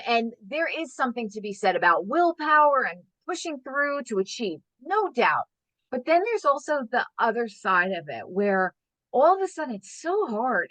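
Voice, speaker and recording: A woman interviewer with a bright, clear tone and a pitch that bounces up and down. She talks in a loose, chatty way, leaning on "like" as she poses open questions, and the recording sounds dry and close. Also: no room sound, low-quality recording. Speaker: host and business coach. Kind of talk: casual interview chat.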